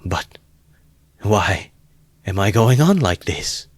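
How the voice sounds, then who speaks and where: Guy doing a shaken young man in torment, breathless, low voice, dry sound. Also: big pitch swings, slow pace, no room sound, full character voice. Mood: anguished.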